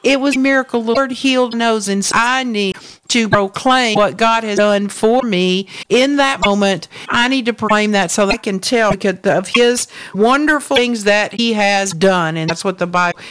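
Woman co-host, animated testimony storyteller, dry close sound. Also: mid-range voice, moderate pace, smooth, dry recording. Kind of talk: faith talk chat, storytelling.

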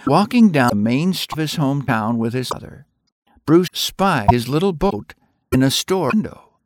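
Reading a Christian story aloud, a man performs it expressively, acting out the characters' voices and closing with a moral. His voice sits at medium pitch and moves at a moderate pace.

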